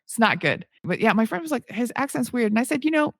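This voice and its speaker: A woman's voice: fairly high pitch, sing-song, fast, dry recording. A woman co-hosting a podcast in casual chat, telling stories and acting out what people said. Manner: storytelling, acts out quoted people. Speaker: podcast co-host.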